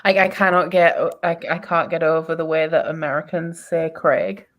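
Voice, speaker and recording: A woman's voice: low-pitched, steady tone, a little fast. A woman with a British accent, co-hosting in a chatty, laughing group chat over a video call. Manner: chatty, laughs often, plays with pronunciations. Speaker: readathon co-host. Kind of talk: casual chat.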